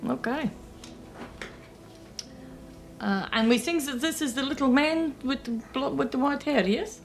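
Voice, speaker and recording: A woman's voice: high-pitched, normal speed, a little hiss or hum. Polite woman playing a tabletop game. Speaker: player.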